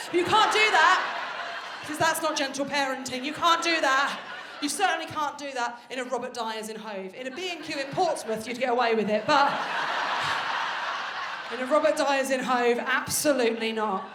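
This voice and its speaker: A woman performing a stand-up comedy set on stage, telling stories in a brash, animated way with plenty of swearing. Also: high voice, moderate pace. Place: stage of a live comedy venue. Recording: roomy live venue with faint noise. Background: audience laughter.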